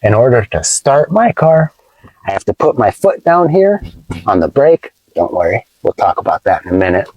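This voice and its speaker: A man teaching English vocabulary from inside his car, playful and explaining slowly with examples. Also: mid-range voice, very animated, a little mellow, husky, no echo, muffled recording. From United States. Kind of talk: casual teaching vlog.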